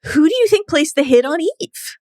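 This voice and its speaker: A woman co-hosting a podcast, talking through films in a playful, animated way. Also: sits high, normal speed, no echo, clean studio sound. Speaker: podcast co-host. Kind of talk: casual film discussion.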